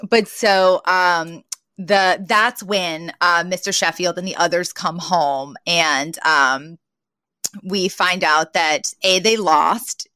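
A woman's voice: fairly low pitch, slow pace, smooth, dry recording, clean studio sound. A woman co-hosting a podcast, recapping a sitcom episode in casual, chatty talk full of fillers. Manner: chatty, many fillers, lively retelling. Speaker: podcast co-host.

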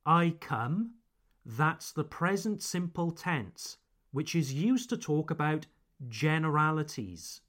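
A man hosts a podcast language lesson, drawing out each example phrase slowly and clearly. His delivery is unhurried, and his pitch rises and falls a great deal. His voice sits slightly higher than most men's. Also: a bit bright. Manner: slow, clear, drawn-out modeling of example phrases. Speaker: English teacher and podcast host.

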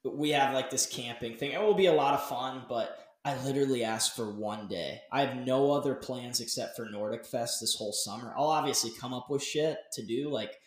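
A young man hosts a podcast from a dark home office. His rambling, animated chat is full of casual swearing. His medium-pitched voice bounces around a roomy space. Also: brisk, hardly any pauses. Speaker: podcast host. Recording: roomy echo.

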